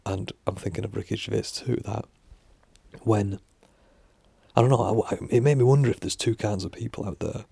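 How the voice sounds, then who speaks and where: A man's voice: fairly low pitch, brisk, mellow, no echo. A man talking to camera in a casual rambling monologue, musing with lots of fillers and restarts and casual swearing. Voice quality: gravelly, husky. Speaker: vlogger.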